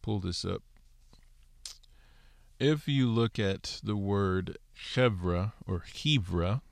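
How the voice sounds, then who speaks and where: Male bible teacher, low voice, unhurried delivery, dry close sound, loose casual explaining. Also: creaky, no room sound. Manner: explains Hebrew word studies, many fillers like "so" and "okay". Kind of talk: casual scripture lesson.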